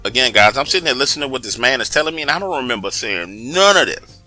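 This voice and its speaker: A man telling a comic first-person story in an animated, profane, emphatic way, often turning to address his listeners directly. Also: medium pitch, quick pace, soft background music.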